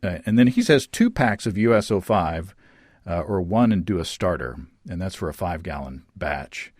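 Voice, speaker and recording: A man's voice: sits low, normal speed, no room sound, clean studio sound. A man hosting a casual chat, reading listener letters aloud with frequent fillers and laughter. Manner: lively, laughing, many fillers and restarts. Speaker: podcast host.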